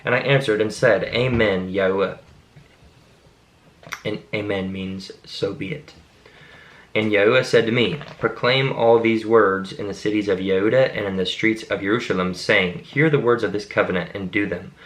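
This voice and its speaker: Low-voiced man reading scripture aloud. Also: rough recording. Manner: steady, measured reading with brief asides to explain words. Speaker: Bible reader.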